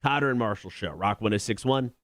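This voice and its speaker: A man's voice: lowish voice, fairly bright tone, no echo, clean studio sound. A man co-hosting a morning radio show, running a quiz segment with upbeat announcer delivery. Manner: upbeat announcer delivery, reads quotes slowly. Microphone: studio microphone.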